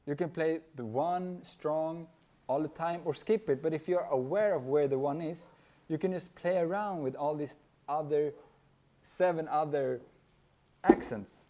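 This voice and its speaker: A man giving a relaxed drum lesson, counting beats aloud and singing the rhythms as he plays. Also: a little high, a little slow, slight background noise. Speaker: drum teacher. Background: hand drum playing.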